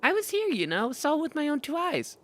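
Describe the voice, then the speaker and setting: Streamer putting on a nervous young kiosk boy, chirpy shop patter, pitched up high, bouncing all over. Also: wildly swooping pitch, a little fast, slight background noise. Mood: offhand. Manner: chirpy, talkative shopkeeper patter. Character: young male newspaper kiosk kid, nervous and money-minded. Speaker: newspaper kiosk clerk.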